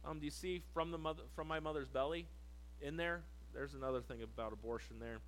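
A male preacher with a high voice delivers a sermon in a church. He reads scripture slowly and with force, then drops into casual, chatty asides to the congregation. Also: low-quality recording. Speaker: pastor.

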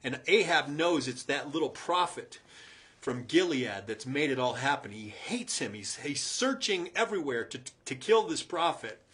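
In a sing-song, mid-range voice at normal speed, a man delivers a sermon, dramatically recounting a story. He chuckles through asides and belts out quoted lines with emphasis.

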